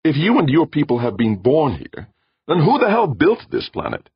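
A man's voice: medium pitch, lively intonation, measured pace, slightly rough, no room sound, muffled recording, voice pushed up. A man voicing a brash, hot-tempered man who snaps out demands. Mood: angry, demanding. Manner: snapping and demanding.

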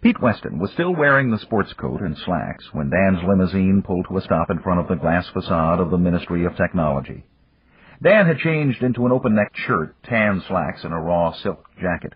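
A man reading a novel aloud in measured scripted narration. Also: deep voice, animated, slightly rough, no room sound. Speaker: audiobook narrator. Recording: dull dry lo-fi recording.

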